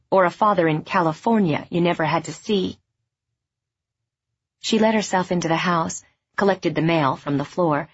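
Husky woman narrating a novel. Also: fairly low pitch, muffled recording. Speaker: audiobook narrator. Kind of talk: scripted narration.

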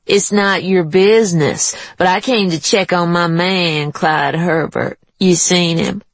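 For an audiobook, a narrator voices a brash, mocking, beery middle-aged woman with a slangy, taunting manner. The voice is medium in pitch and slow, with no room sound.

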